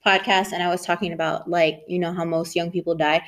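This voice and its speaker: Young woman with a lowish voice, cohosting, lots of likes and teasing. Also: flat delivery, brisk. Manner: laughing, filler-heavy, teasing. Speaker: podcast co-host. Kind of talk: casual chat.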